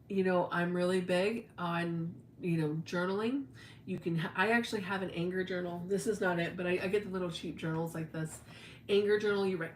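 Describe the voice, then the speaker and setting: A woman's voice: mid-range voice, reverberant, a little hiss or hum. A middle-aged woman hosting a casual spiritual livestream, talking in a chatty, emphatic way and acting out the people she quotes. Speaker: spiritual teacher, livestream host.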